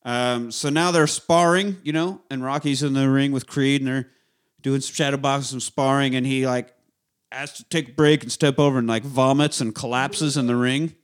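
Animated man retelling a movie. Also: medium pitch, normal speed, smooth. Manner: animated retelling, acting out lines with voices; swears freely. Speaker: podcast co-host recapping a film. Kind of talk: casual chat.

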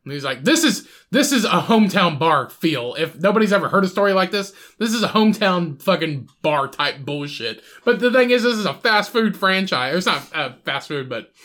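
A man's voice: high-pitched, very animated, a little fast, few pauses, a bit bright. A man hosting a podcast, telling a profane, rambling story and acting out the other people in it. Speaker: podcast host. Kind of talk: casual storytelling chat.

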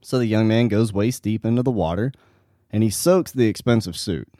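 Mellow-voiced man giving a motivational talk. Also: fairly low pitch, moderate pace, no echo, studio quality. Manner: earnest, storytelling, direct to listeners. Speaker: podcast host.

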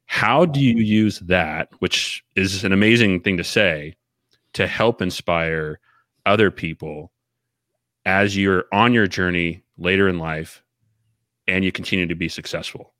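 A man hosting a podcast, asking his guest calm, measured questions. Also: low voice, dry recording, studio quality. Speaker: podcast host. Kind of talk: interview questions.

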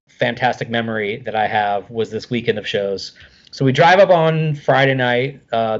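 A middle-aged man telling a casual anecdote as a guest, animated, swearing freely and filling with "like". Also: mid-range voice, highs cut off.

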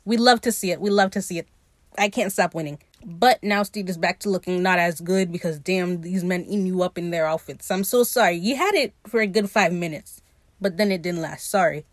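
A young woman hosting a podcast, recapping a TV episode in an animated, profane, teasing way. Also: on the low side, fairly quick, no room sound. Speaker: podcast host.

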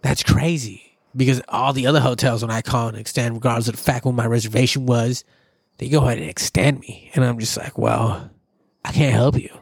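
A young man from Southern California, chatting casually on a podcast, loud and profane as he tells stories. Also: medium pitch, brisk, vocal fry, slightly rough, no room sound, studio quality. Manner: loud, profane, animated storytelling. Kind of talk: casual chat.

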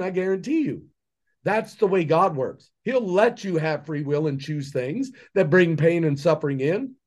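A man's voice: high-pitched, darkish tone. A man, a podcast guest, lays out his beliefs in an impassioned monologue, firing off rhetorical questions. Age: adult with children. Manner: preachy, fires rhetorical questions. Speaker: podcast guest, entrepreneur and mentor.

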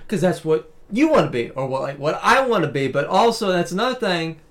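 A man with a high voice co-hosts a podcast in casual chat. He talks thoughtfully and weighs each point as he goes. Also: very animated, fairly quick. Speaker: podcast co-host.

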